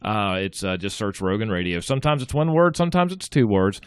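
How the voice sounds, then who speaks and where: Playful podcast host. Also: male voice, fairly low pitch, very animated, a little fast, smooth, no echo, clean studio sound. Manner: playful, announcer-style introductions. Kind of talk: casual podcast chat. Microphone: studio mic.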